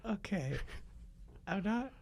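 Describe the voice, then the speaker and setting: A man's voice: sits high, expressive, slow pace, darkish tone, husky, voice pushed up, full character voice. A man playing a kid in an improv comedy scene, teasing and mocking Santa, laughing mid-sentence. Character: kid annoyed at getting coal from Santa.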